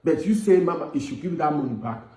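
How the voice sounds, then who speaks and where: A Nigerian-accented man pleads earnestly, his voice sitting a little higher than most men's. He is recorded in a room that gives his words a noticeable echo. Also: lively intonation, fast. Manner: earnest and pleading, softening to gentle appeals. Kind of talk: pleading commentary. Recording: echoey room.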